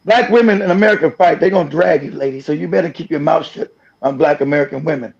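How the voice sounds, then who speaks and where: Gravelly, blunt man on a stream. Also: fairly high pitch, fast talker, a little mellow. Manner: blunt, profane, laughing often. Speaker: streaming show host. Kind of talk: reaction commentary. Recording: dull lo-fi stream audio.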